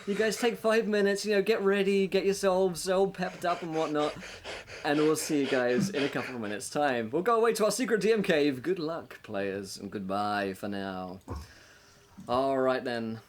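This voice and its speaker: A man hosting a tabletop game stream as game master, talking in a casual, upbeat monologue that is full of fillers and quick laughs. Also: mid-range voice. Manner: upbeat and chatty, laughing between thoughts, many filler words. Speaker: game master and show host.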